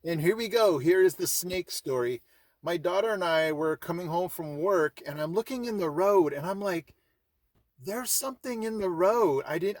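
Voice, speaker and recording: A man's voice: on the high side, a little mellow, dry recording. A middle-aged man, hosting his vlog and telling a story casually, acting out his own reactions as he goes. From California. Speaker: vlog host.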